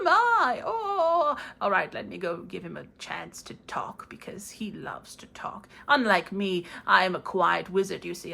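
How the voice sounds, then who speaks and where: A woman's voice: medium pitch, creaky, a bit bright. A woman voicing a cheerful, rambling male wizard puppet in a playful tarot reading, with a theatrical manner that slips into a posh put-on accent.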